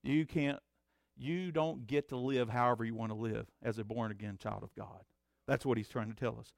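A man preaching a sermon as pastor, swinging between loud emphatic declarations and low conversational asides. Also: moderate pace, creaky, no room sound, clean studio sound.

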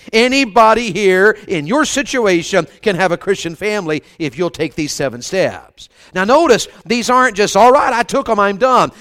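A man's voice: high-pitched, fairly bright tone. A man preaching a revival sermon, telling funny stories in a folksy, conversational way and calling on the congregation for amens. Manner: humorous storytelling, asks the crowd for amens.

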